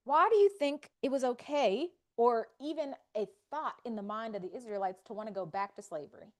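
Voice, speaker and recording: Woman, wellness host, animated faith talk, highish voice with wide pitch swings. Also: brisk. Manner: lively, animated, acts out inner voices. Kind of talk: faith-based live talk.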